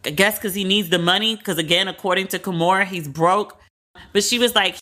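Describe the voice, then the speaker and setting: A woman in her thirties hosts a pop-culture podcast. Her voice is bright and forward at an ordinary middle pitch. She talks candidly and profanely, fills her sentences with "like", and often retells what others said in quick quoted asides. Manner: candid and profane, heavy use of "like". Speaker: podcast host. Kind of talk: casual pop-culture commentary.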